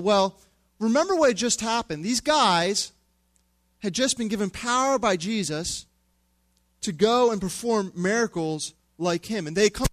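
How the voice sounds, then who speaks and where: High-voiced, conversational male preacher. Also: no echo. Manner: conversational, humorous, drops to hushed emphasis. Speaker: pastor. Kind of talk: sermon.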